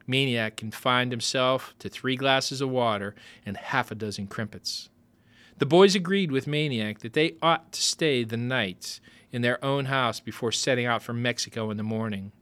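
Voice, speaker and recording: Guy reading a novel out loud, expressive, middle pitch. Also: moderate pace. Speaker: narrator.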